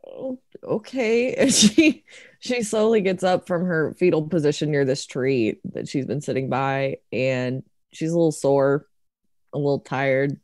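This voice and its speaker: A woman's voice: a bass voice, a little mellow, no echo, clean studio sound. A woman player in a tabletop horror game, narrating her character's actions with emotion and frequent laughter.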